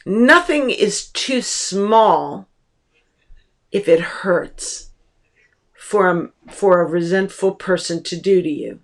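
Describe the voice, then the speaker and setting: A woman teacher giving a lecture on a book, explaining slowly and deliberately with pauses, recorded at home. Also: on the low side, expressive.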